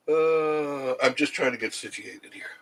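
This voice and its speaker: A man's voice: a little high, poor audio. A middle-aged man hosting a casual live stream, rambling and chuckling as he answers viewer comments.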